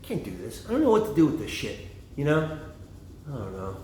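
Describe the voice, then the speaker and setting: A middle-aged man rambles through a profane road-trip story, doubling back and drifting into tangents in a loose, casual monologue. His voice sits at an ordinary pitch and rings off the walls of an echoey room, with a faint hiss of ambience behind it. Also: huge pitch swings, fairly quick, dark tone. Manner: profane, meandering, digressive storyteller.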